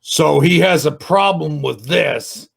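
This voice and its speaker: A man reviewing another YouTube channel in an angry, sarcastic rant, swearing and shouting often. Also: fairly high pitch, lively intonation, slow pace, gravelly, husky. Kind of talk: ranting video commentary.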